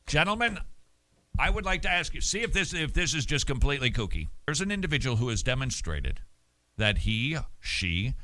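A man hosting a show, answering listener mail in casual talk, animated and emphatic with many restarts and repeated words. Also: mid-range voice, no echo. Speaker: radio show host.

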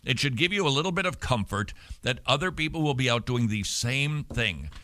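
A man hosting a radio talk show, talking with energy and animation and dropping quick joking asides. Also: mid-range voice, animated, bright, forceful tone, slight background noise.

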